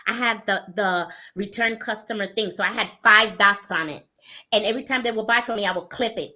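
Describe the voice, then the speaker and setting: Bright, animated woman telling stories. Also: mid-range voice, a little fast. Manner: animated storyteller, laughs often. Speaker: co-host. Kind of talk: casual podcast chat, telling anecdotes.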